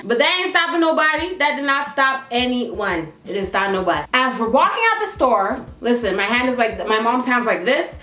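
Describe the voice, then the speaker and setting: Animated young woman from Toronto. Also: on the high side, normal speed, soft background music. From Toronto, Canada. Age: young adult. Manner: animated, slangy, emphatic. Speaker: vlogger. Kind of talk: casual storytelling to camera. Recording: echoey room.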